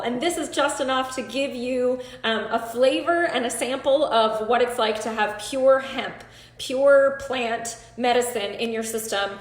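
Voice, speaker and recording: Woman, high voice, nervous and hesitant, on the verge of tears, live-stream chat, echoey room. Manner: nervous, hesitant, many ums. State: near tears, shaky. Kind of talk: casual live-stream talk. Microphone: phone or computer.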